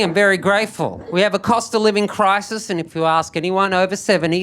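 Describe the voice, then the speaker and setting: A young stand-up comedian performs his routine on a comedy club stage into a handheld mic, captured live with crowd noise. His delivery is dry and self-deprecating, fast with few pauses, and punctuated by sudden jumps into a higher voice.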